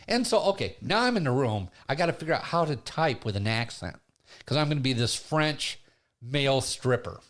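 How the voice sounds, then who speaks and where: A middle-aged man hosting a studio chat, telling a comic story in a gregarious, animated way. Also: fairly quick. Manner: animated, gregarious storyteller, big pitch swings. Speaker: podcast host and comedian.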